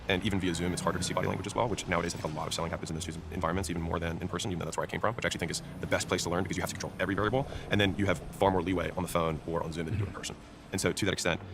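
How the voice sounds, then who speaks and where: A man with a very low, gravelly voice talks at a rapid clip. He explains his points with quick, emphatic examples, like a sales coach on a podcast. A steady noise sits under the recording. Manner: fast, emphatic, teaching with examples. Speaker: sales trainer. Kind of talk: casual podcast talk.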